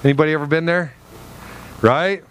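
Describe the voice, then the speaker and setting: A male pastor preaching a sermon in an animated way, acting out little dialogues with God. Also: on the high side, moderate pace, a little hiss or hum.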